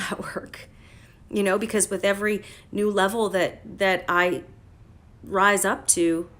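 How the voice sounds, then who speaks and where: A woman life coach talking casually on a phone livestream. She is blunt and profane and breaks into loud, emphatic bursts. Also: medium pitch. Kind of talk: casual motivational livestream talk.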